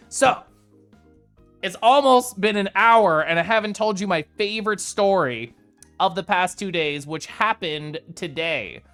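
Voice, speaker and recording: Rambling streamer chatting over faint music. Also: medium pitch. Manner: rambling, animated storytelling with frequent fillers and mock outrage. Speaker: livestreamer. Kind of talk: casual chat with a live stream chat.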